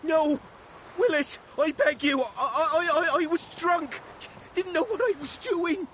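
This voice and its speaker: An actor playing a crude young village drunk and arsonist in a video game, talking in hostile, coarse bluster. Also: male voice, medium pitch, lively intonation, slow, slight background noise. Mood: pleading.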